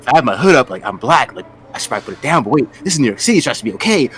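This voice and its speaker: A man from Maryland hosting his stream, telling stories in a relaxed, animated way. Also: medium pitch, very fast, heavy background noise. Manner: animated storyteller, laughs loudly. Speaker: streamer host. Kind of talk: casual chat.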